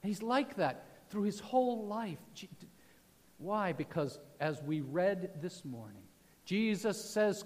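A male pastor preaching a sermon, moving from loud proclamation to soft, hushed passages. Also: sits high, sing-song, unhurried. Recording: long hall reverb.

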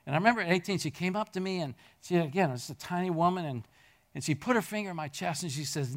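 Animated preacher man with lively pitch. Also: fairly quick. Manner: animated storytelling, swings from loud peaks to near-murmurs. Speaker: pastor. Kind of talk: sermon. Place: church hall with a congregation.

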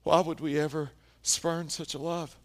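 A man preaching a sermon, telling stories and often dropping to a hushed tone for emphasis. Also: on the high side, flat delivery. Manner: storytelling preacher, dramatic pauses, drops to hushed tones. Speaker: pastor.

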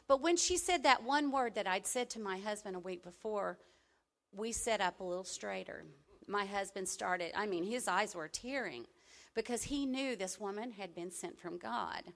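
Midwest lady preaching to her church, chatty testimony, gets loud then goes quiet. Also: mid-range voice, normal speed. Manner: conversational, with sudden louder emphatic bursts and softer asides. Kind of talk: sermon with personal testimony.

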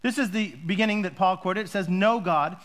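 High-voiced man preaching a lively sermon. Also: quick pace. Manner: conversational, joking with the congregation, rising to shouts on key points. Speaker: pastor.

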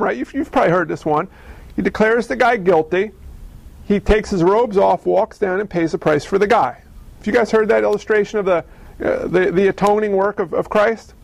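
A man preaching a sermon, telling stories in a conversational, animated way and asking the audience questions. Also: high voice, normal speed, vocal fry, no room sound. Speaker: pastor.

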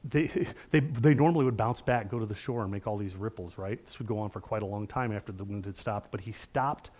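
A man's voice: on the low side, a little fast, darkish tone. A middle-aged male pastor preaching a sermon in an earnest, conversational way, often checking in with the room.

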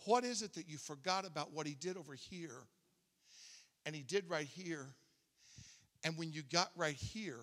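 Male preacher, slightly high voice, conversational storytelling sermon, long church-hall reverb. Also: moderate pace, pauses often, a bit bright. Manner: conversational, repeats words when starting a thought.

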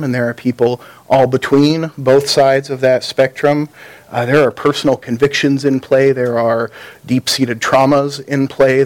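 Man preaching with storytelling ease. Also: mid-range voice. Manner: conversational storytelling, dry delivery. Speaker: pastor. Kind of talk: sermon with a told joke.

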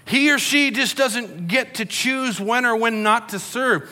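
Middle-aged man, sermon, conversational, bright voice, hall echo. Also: very high voice, measured pace. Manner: conversational, storytelling with acted quotes. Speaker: pastor. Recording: long hall reverb.

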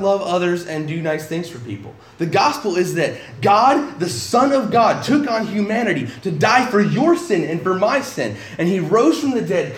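A man's voice: sits high, roomy sound. A male pastor preaching a sermon in an emphatic, conversational way, often breaking off and restarting his sentences.

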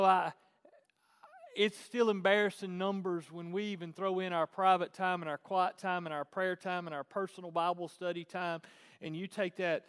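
High-voiced pastor in a hall. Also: male voice, clear, resonant tone. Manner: conversational preaching, swelling to emphatic shouts. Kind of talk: sermon. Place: large church hall. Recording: long hall reverb.

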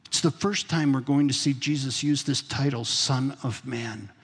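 A man's voice: medium pitch, fairly even intonation, normal speed, slightly rough, in a large hall. A man preaching a sermon as pastor, in a conversational way, asking his congregation questions. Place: church sanctuary.

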